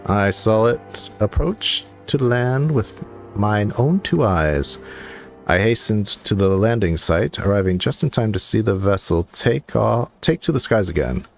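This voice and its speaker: Man reads grave male knight, slow and measured, deep. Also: expressive, vocal fry, faint music behind. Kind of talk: game dialogue read aloud.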